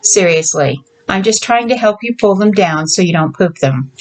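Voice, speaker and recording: A woman reading aloud, voicing a practical, feisty woman who is a mail carrier, in a brisk, matter-of-fact way. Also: mid-range voice, expressive, close to an everyday voice, rough recording. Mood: teasing, practical.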